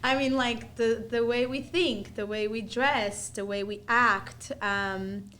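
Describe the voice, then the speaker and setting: A woman's voice: a little high, steady tone, takes it slowly, a bit bright, slight background noise. A young woman from Armenia with an American accent, chatting as a guest in a bubbly, giggly way with many fillers. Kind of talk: casual interview chat.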